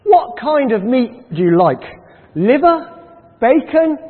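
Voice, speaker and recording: A man's voice: extremely high pitch, sing-song, takes it slowly, breathy edge, exaggerated voice. A man voicing a friendly butcher who asks a dog eager questions, heard through a tinny, echoing hall recording. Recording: tinny phone-like sound with long hall reverb.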